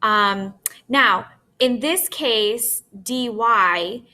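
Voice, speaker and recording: A woman's voice: on the high side, extremely slow, bright, forceful tone. A woman teacher explaining a lesson step by step, patiently, often checking in with "okay?". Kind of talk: recorded classroom lesson.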